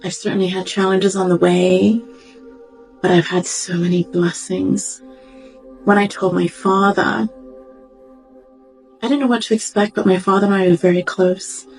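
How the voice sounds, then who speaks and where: A woman doctor giving a reflective, heartfelt personal testimony, pausing and searching for words as she goes. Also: medium pitch, flat delivery, rough recording. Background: faint background music.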